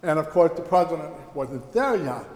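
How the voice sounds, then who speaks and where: A middle-aged man speaking to a congregation, telling a personal story with animated exclamations. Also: fairly high pitch, normal speed. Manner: animated, exclaiming, retelling with rising excitement. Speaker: church speaker teaching about the mass. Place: church. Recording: echoey church hall.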